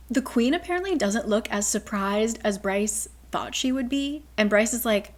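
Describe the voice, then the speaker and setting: A woman's voice: a little high, animated, normal speed, few pauses. A woman casually recapping a fantasy novel's plot, chatty and swearing, now and then reading passages aloud. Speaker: book recap narrator.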